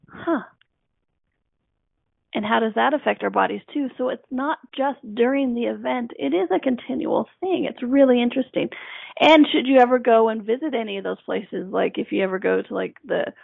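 A woman's voice: mid-range voice, gravelly, no echo. A woman hosting a self-help radio show, talking in an earnest, coaching way and repeating her key phrases. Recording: dry tinny phone-like line.

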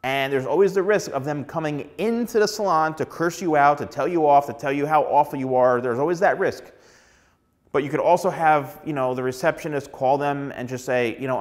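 A man's voice: on the high side, fairly quick. A man who works as a hairstylist, giving casual, chatty advice to the camera and acting out little dialogues along the way.

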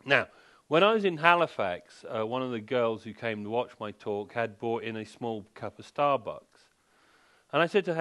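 A man's voice: mid-range voice, lively intonation, normal speed, a bit bright. Wry man lecturing a crowd. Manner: wry, joking, rhetorical questions. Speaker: sleep expert giving a seminar. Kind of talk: public lecture to a live audience. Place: furniture showroom, indoors.

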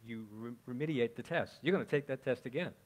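A male pastor with a medium-pitched voice preaches a conversational sermon at a fairly quick pace. Chatty in manner, he asks the congregation questions and frequently checks in with "okay?".

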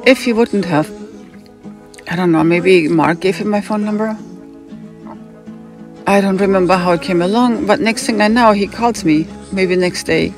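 A woman from Hamburg with a German accent telling a rambling personal story, drifting off on tangents and acting out what other people said. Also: mid-range voice. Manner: digressive, acts out other people's lines.

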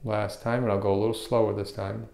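A man teaching a guided meditation, explaining hand positions and breathing slowly, step by step. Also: fairly low pitch, gravelly, echoey room. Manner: calm, step-by-step explaining with restarts. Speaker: meditation instructor.

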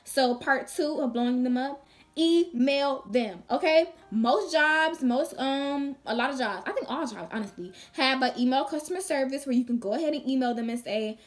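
A young woman vlogs casual advice in a chatty, slangy way, slipping into little acted dialogues. Her voice sits a bit high. Faint music plays underneath. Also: moderate pace. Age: young adult. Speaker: vlogger.

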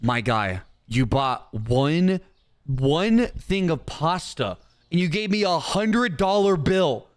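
A young man riffing over a game with a fairly high voice that leaps between shrill yells and low grumbles. He trash-talks the customers in mock fury, all for laughs. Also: lively intonation, takes it slowly. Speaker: gaming YouTuber. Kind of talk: comedic gameplay commentary.

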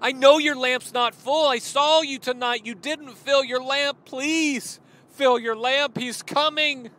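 An eager young woman calls out to a sleepy friend, her voice pitched up high and pressing, as a man acts her out. She pleads over and over, urgent and insistent. The delivery is slow and drawn out. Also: steady tone, pushed and bright, heavily acted. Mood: urgent pleading.

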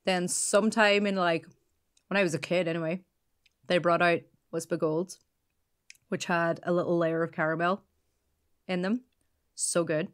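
A woman's voice: fairly low pitch, fairly even intonation, moderate pace, pauses often. A woman with an Irish accent co-hosting a podcast in casual chat, chatty and playful, often laughing. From Ireland. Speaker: podcast co-host.

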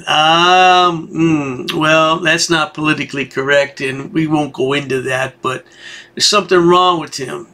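A man's voice: fairly high pitch, bright, forceful tone. A man hosting a video commentary, sarcastic and folksy, rambling as he mocks. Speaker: commentary channel host.

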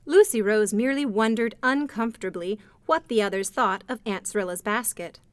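A woman narrating a storybook in a gentle, measured way. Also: mid-range voice, no echo. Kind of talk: storybook reading.

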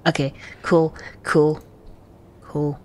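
A woman with a low, deep-set voice plays through small horror games, reading the prompts aloud and reacting quietly. She talks slowly and softly, now and then jumping up in a startled yelp. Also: little pitch movement. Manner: slow, soft, low-key reactions with sudden startled jumps. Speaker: gaming channel host. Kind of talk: let's play commentary, reading game text aloud.

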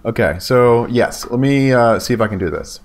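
A man giving casual, excitable commentary on his gameplay, talking to viewers and yelping when danger shows up. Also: medium pitch, normal speed, a little hiss or hum. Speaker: gaming YouTuber.

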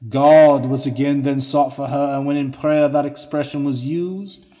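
A man reading an old historical account in a measured, formal way. The recording is muffled and lo-fi, with a long reverb trailing each phrase. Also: mid-range voice, fairly even intonation, warm tone. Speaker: reader. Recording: dull lo-fi audio with long reverb.

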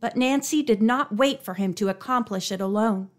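A woman reading a mystery novel aloud as an audiobook narrator, expressive and raising her pitch for dialogue. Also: normal speed. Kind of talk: scripted narration.

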